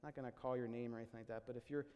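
A male pastor delivers a sermon in an earnest, halting way, repeating words as he restarts. His voice sits in an ordinary middle register. A long reverb from the church hall trails behind every phrase. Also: medium pitch, fairly even intonation, warm tone, smooth, muffled recording.

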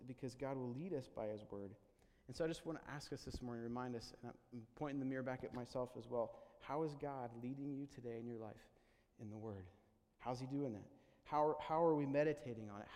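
Earnest pastor in a reverberant hall. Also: male voice, mid-range voice, dark tone. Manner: earnest, halting with repeated restarts. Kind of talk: sermon.

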